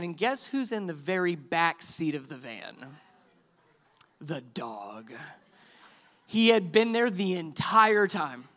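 High, bright-voiced man telling a story. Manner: animated storytelling, acts out quotes, self-deprecating asides. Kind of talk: sermon illustration told as a story.

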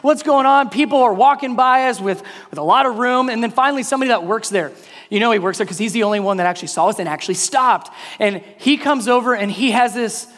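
A man with a strikingly high voice tells a sermon story from the pulpit, his words trailing into a long, echoing reverb. He shifts into loud, squealing voices to act out his children. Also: fast talker. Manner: animated, acts out kids' voices in high shouts. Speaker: pastor.

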